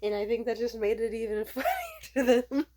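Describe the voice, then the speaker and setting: A tired, sleepy young woman vlogger telling a story in casual chat, animated, laughing often and swearing freely. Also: a little high, fairly quick.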